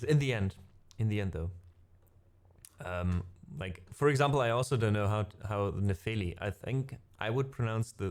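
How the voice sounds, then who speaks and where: Non-native english guy on a music stream, kinda low voice, rambles and corrects himself a lot. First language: not English. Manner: rambling, self-correcting, laughs often. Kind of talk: casual livestream chat.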